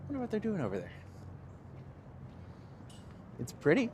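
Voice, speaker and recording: A Canadian man and tour guide chatting casually while walking outdoors on a live stream, animated and self-deprecating, on a handheld phone with traffic noise behind. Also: high voice, moderate pace. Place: outdoors on city streets.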